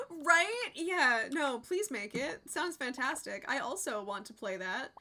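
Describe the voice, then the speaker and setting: Bright high-voiced chatty woman streamer. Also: unhurried, few pauses, slight background noise. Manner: chatty, expressive, swears freely. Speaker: game streamer. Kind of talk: casual livestream chat while gaming.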